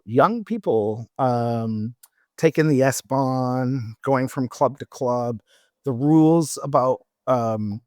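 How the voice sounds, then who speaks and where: A man's voice: mid-range voice, no room sound, clean studio sound. A middle-aged man on a travel podcast, telling rambling anecdotes in casual chat with many restarts.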